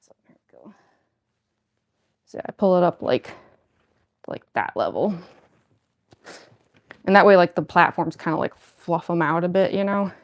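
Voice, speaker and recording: A woman's voice: fairly low pitch, a little slow, pauses often. A young woman cosplayer chatting casually on a livestream while getting into costume, rambling with lots of fillers and a slight lisp from costume fangs. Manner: rambling, filler-heavy, self-deprecating.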